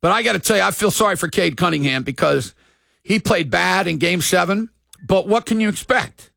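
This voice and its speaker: A middle-aged man hosting casual sports talk, excitable, shouting and drawling words for emphasis. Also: sits high, fairly quick, gravelly, no echo.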